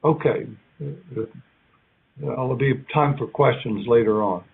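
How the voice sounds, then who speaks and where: A man giving an academic keynote lecture in a conversational, halting way, now and then acting out short quoted lines. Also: mid-range voice, gravelly, husky. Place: lecture hall. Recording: tinny phone-like sound.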